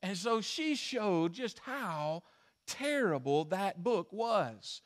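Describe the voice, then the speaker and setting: A male pastor preaching a sermon and telling a story, swinging from emphatic stretches to hushed ones. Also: sits high, big pitch swings, takes it slowly.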